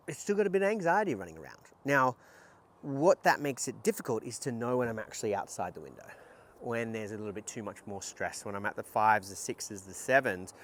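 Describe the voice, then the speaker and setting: A man who works as a psychotherapist talks straight to camera in a loose, candid way, swearing now and then. His delivery starts and stops in lively bursts. A faint hiss sits under the recording. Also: medium pitch. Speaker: somatic psychotherapist. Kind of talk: casual explanatory talk to camera.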